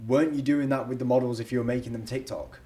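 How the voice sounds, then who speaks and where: A man hosting a casual interview, relaxed, mostly giving short replies and questions. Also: mid-range voice, quick pace.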